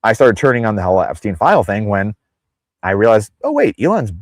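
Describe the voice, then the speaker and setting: A man's voice: on the low side, a little fast, no room sound. A man speaking as a podcast guest in casual interview talk, rambling off on tangents and acting out the people he quotes. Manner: acts out quoted people in exaggerated voices.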